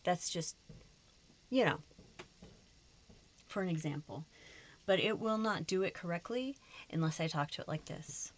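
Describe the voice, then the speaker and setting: A planner vlogger decorates her planner while chatting casually to camera, frank and a bit frustrated. Her voice is on the low side and animated, her pace unhurried with frequent pauses, and she slips into put-on voices.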